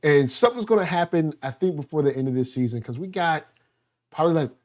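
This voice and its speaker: A man co-hosting a laid-back show review, joking and acting out scenes as he talks. His voice leaps up and down in pitch, and he speaks colloquially and loosely. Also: fast talker. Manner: animated, acts out scenes in silly voices. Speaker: podcast co-host. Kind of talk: casual TV review chat.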